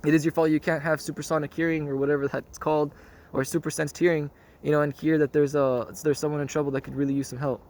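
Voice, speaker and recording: A man with a somewhat raised pitch thinks out loud in an unscripted monologue. He rambles earnestly, circling back to the same phrase and often asking whether the listener follows. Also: flat delivery, fast talker. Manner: rambling and repetitive, often asks "you know what I mean?". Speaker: spiritual vlogger.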